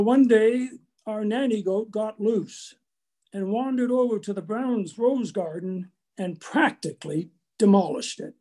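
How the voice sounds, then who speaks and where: An older man from Canada giving a prepared lecture, telling family stories in a measured way with small restarts. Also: high voice, gravelly, dark tone, breathy edge. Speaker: guest lecturer.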